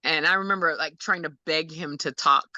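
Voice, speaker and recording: A woman's voice: deep voice, fairly even intonation, normal speed, bright, forceful tone, dry recording. A woman telling an emotional personal story as a guest parent, acting out quotes and laughing often. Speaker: guest, parent of an autistic son.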